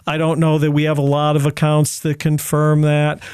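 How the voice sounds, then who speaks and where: A man speaks as a guest historian in a relaxed podcast chat indoors. He talks thoughtfully, hedges his points and fills pauses with "you know." The sound is dry, with little room tone. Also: a little high, clean tone, dry recording. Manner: thoughtful, hedging, many "you know" fillers. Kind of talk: casual podcast discussion. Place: indoor room with others present.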